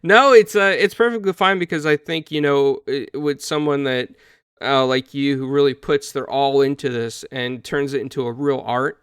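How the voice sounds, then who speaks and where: A man's voice: mid-range voice, fairly even intonation, moderate pace, fairly bright tone, clean tone, no echo, studio quality. A man hosting a casual interview, enthusiastic and a little rambling. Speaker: host.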